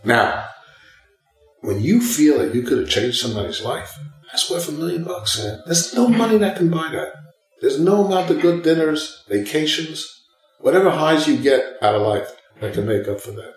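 A man's voice: on the high side, moderate pace, echoey room, soft background music, poor audio. An older man, a former teacher, telling a story in an interview and acting out the voices of everyone in it. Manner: animated, acts out both sides of dialogue. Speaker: retired professor and guest.

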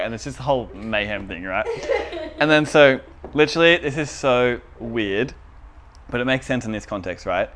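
A young man in a relaxed chat, his voice sitting at an ordinary mid pitch. He tells stories about himself in a chatty, self-deprecating way and breaks into laughter often. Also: moderate pace. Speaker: podcast co-host. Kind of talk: casual chat.

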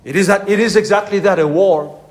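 A man preaching a fervent conference sermon as a pastor, with slow, emphatic, stressed phrases. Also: high-pitched. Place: conference hall.

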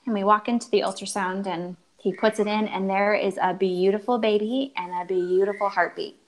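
A woman in her thirties shares a deeply personal story with earnest feeling. She acts out the dialogue as she quotes it and often restarts her sentences, speaking at a medium pitch. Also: fairly even intonation, moderate pace, few pauses, poor audio. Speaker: guest telling her story.

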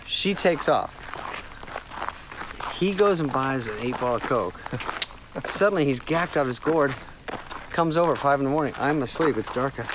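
A man's voice: medium pitch, moderate pace, long pauses, noisy background. A man telling a long story in casual chat, acting out the voices of everyone in it. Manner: animated, acts out quoted dialogue.

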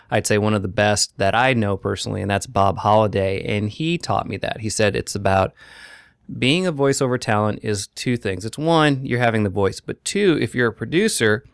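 A male voiceover actor speaking earnestly as a guest in a casual interview, in quick bursts. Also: fairly low pitch, smooth, no room sound, clean studio sound.

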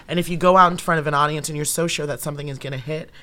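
Bright, lively young woman comedian. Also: low voice, very fast. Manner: animated storyteller who acts out quoted dialogue. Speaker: improv comedian and actor, interview guest. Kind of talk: casual interview storytelling.

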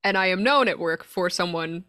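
A woman's voice: on the low side, moderate pace, pushed and bright, dry recording, clean studio sound. Joking, giggly woman podcast guest. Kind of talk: casual chat.

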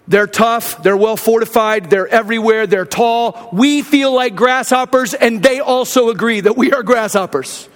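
High-voiced man preaching in a reverberant hall. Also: normal speed, few pauses. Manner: animated storytelling, acting out quotes. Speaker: pastor. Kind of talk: sermon.

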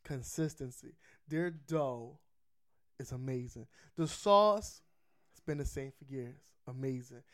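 A man's voice: mid-range voice, measured pace. A man chatting casually about pizza spots, laid-back and profane, laughing often. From Philadelphia.

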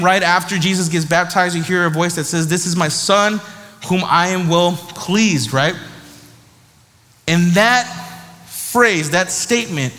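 A man giving a sermon in a lively, conversational way, often tossing in "right?" to his listeners. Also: high-pitched. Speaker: preacher. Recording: long hall reverb.

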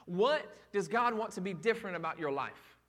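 A man's voice: high-pitched, expressive, moderate pace, fairly bright tone. A man preaching a sermon in a conversational way, with emphatic repetition and rhetorical questions. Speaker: pastor.

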